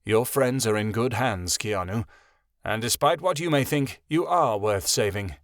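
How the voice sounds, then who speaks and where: A man voicing an older high priest and grandfather who speaks steadily and kindly, firm when challenged. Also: unhurried, no room sound, studio quality, close to an everyday voice. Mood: steady.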